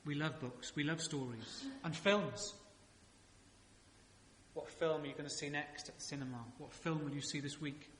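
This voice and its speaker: A man's voice: a little high, moderate pace, fairly bright tone, slight background noise. A male pastor preaching a sermon in a church, chatty and joking, with many rhetorical questions. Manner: conversational preaching with rhetorical questions and humorous asides. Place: church sanctuary. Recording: echoey church hall reverb.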